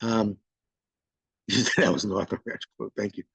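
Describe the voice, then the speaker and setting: A man's voice: lowish voice, steady tone, measured pace, creaky, a bit bright, husky, dry recording, poor audio. A man leading an online training session, reading out participants' answers and praising each one by name in a chatty, informal way. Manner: chatty and informal, frequent fillers. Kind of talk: live online training, reading chat replies aloud.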